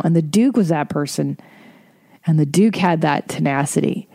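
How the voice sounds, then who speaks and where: A woman's voice: on the low side, moderate pace, dark tone, no room sound, clean studio sound. A woman hosting a podcast, telling a casual story with wry, profane asides. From Eastern Bloc. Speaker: podcast host.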